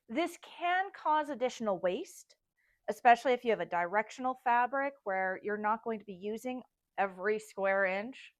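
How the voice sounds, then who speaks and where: A woman's voice: a little high, dry recording. A woman designer teaching a casual step-by-step sewing tutorial, chatting and thinking aloud as she works.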